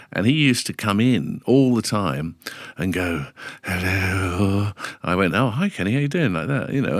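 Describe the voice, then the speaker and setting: A middle-aged man, a radio DJ telling lively anecdotes in a casual podcast interview and acting out the dialogue. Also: low-pitched, no room sound, clean studio sound. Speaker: radio DJ guest.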